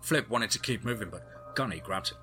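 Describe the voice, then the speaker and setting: A man narrating a first-person adventure story in a steady storytelling manner. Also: lowish voice, normal speed, soft background music.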